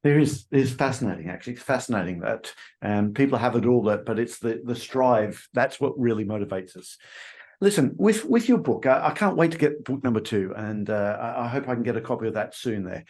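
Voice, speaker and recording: A man's voice: mid-range voice, expressive, fairly quick, darkish tone. A man with an Australian accent hosting a podcast, chatting in a friendly way and asking questions. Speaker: podcast host. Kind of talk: interview conversation.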